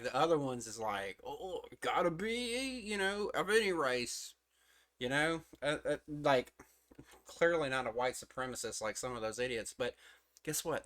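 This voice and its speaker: Bright, rambling, foul-mouthed man. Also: medium pitch. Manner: profane, rambling, full of fillers. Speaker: manga chapter reviewer. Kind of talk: casual streamed commentary. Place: his own room.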